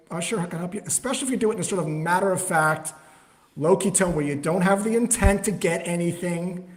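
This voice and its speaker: High-voiced man explaining sales calls. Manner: animated, acts out both sides of calls. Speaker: sales trainer, guest. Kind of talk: conversational explaining with acted call examples.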